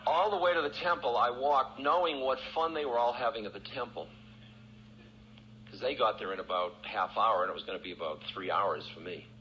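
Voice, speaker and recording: A man's voice: medium pitch, fairly quick, bright, forceful tone. A male spiritual teacher telling a personal story in a candid, self-mocking way, often breaking into laughter. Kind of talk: storytelling talk. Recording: dull, lo-fi archival recording with faint hiss.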